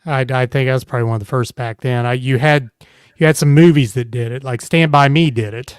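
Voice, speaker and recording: A man co-hosting a podcast speaks in a smooth, clear voice that sounds dry and close. He talks in a measured, agreeable way. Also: medium pitch, no echo. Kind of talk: casual live podcast chat.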